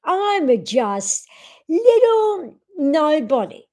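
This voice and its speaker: A woman hosts a casual live chat with her viewers. Her voice sits high, and she speaks at an unhurried, drawn-out pace. She is dramatic and expressive as she talks. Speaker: vlogger.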